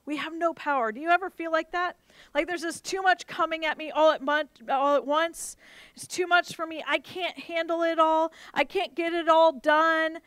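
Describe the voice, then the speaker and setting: A woman pastor preaching a sermon, earnest, moving between soft, intense passages and emphatic rises. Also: very high-pitched, fairly even intonation, normal speed, no echo.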